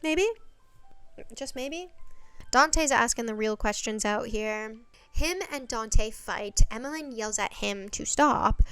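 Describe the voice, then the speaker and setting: A woman's voice: a little high, takes it slowly, fairly bright tone, clear, resonant tone, no echo, faint music behind. Sarcastic woman recapping a show. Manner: sarcastic, exasperated commentary. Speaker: video essay host. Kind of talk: casual recap monologue.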